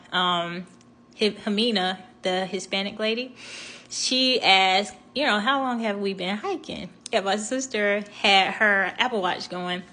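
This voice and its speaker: Young woman, casual storyteller, chatty with frequent ums and laughs, mid-pitched voice. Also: pushed and bright. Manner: chatty, laughing, many fillers and restarts.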